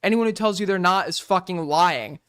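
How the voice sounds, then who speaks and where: A man's voice: sits high, normal speed, fairly bright tone, smooth, dry recording, studio quality. A man with a New York accent from Long Island, ranting profanely and sarcastically in casual livestream commentary. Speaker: streamer reacting to drama.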